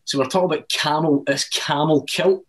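A Scottish radio presenter in casual chat, rambling through chatty anecdotes. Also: male voice, on the high side, fairly even intonation, moderate pace, poor audio.

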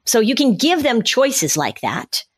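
A woman's voice: a little high, very animated, measured pace, husky. Woman explaining parenting, step by step. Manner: explains step by step, acting out parent and child lines. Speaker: parenting expert guest. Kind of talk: podcast conversation.

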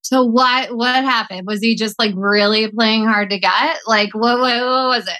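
A woman hosting a casual podcast chat, gushing and excitable, swearing freely. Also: on the high side, unhurried.

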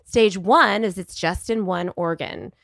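A woman's voice: fairly low pitch, measured pace, gravelly, no echo. Wry woman telling a story, dry close sound. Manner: wry, animated, acts out quoted voices. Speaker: podcast guest. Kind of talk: casual storytelling conversation.

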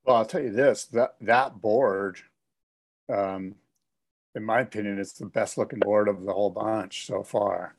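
Low-voiced man in relaxed chat. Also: unhurried. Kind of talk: casual chat.

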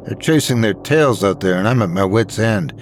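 A man voicing a gruff, harried middle-aged police chief who barks his lines in exasperation. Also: fairly low pitch, expressive, moderate pace, slight background noise. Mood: angry. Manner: barking, exasperated.

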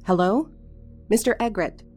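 A woman's voice: medium pitch, a little slow, mellow, soft background music, close to an everyday voice. An actress voicing a worried woman calling out urgently to a neighbor in a horror audio drama.

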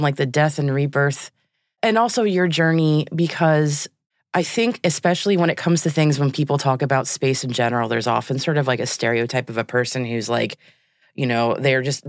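A woman's voice: low voice, no echo, clean studio sound. Effusive woman interviewer, openly moved. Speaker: host. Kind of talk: interview conversation.

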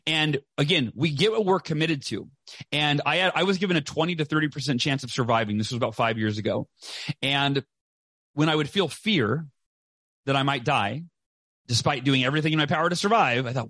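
A man in his forties, an author and speaker appearing as a podcast guest, gives a passionate, emphatic motivational interview. His voice is a little high and a bit bright, slightly fast, and he repeats phrases and often asks "right?" The recording is dry.

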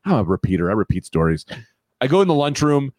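A man's voice: medium pitch, sing-song, fast, darkish tone, no echo. A man in his thirties hosting a podcast, telling a long story in a rambling, self-correcting way. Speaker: podcast host. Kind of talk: casual storytelling chat.

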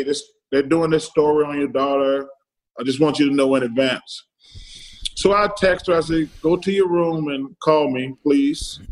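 A man's voice: fairly high pitch, poor audio. Man telling stories. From Alabama, US. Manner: retells stories in quoted dialogue, keeps repeating "I said". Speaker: podcast guest, former pro athlete. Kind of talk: casual storytelling.

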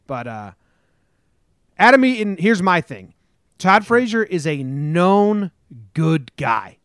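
A man's voice: sits high, very animated, takes it slowly, a bit bright, clean tone, no room sound, clean studio sound. A man from New Jersey hosting a casual sports talk podcast, telling stories in a rambling way and swearing freely. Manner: rambling storyteller, swears, acts out quotes. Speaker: podcast host.

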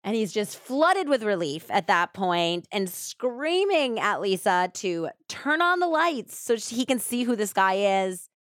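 Animated woman retelling a true crime story. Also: mid-range voice, a little slow, hardly any pauses, no room sound, studio quality. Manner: animated, breathless retelling with frequent "like" and quoted voices. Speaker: true crime podcast host. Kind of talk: casual storytelling narration.

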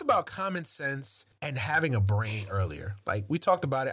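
A man's voice: medium pitch, very animated, quick pace, hardly any pauses, a bit bright, breathy edge. A man co-hosting a casual sports talk show, delivering an incredulous, profane rant. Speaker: podcast co-host.

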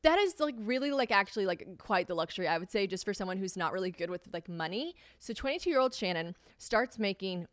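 A woman hosting a casual solo podcast, chatty and unfiltered, with plenty of swearing mixed in. Her voice sits at an ordinary middle pitch for a woman. It is recorded close and dry, with no room sound around it. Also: animated, brisk, hardly any pauses, no echo. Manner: candid, profane, chatty storytelling. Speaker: podcast host.

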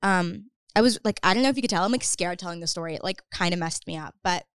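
A woman's voice: fairly low pitch, smooth, no room sound, studio quality. A young woman, a podcast guest, telling a personal story in a chatty way full of "like" fillers. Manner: fast, chatty, lots of "like" fillers. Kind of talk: casual storytelling.

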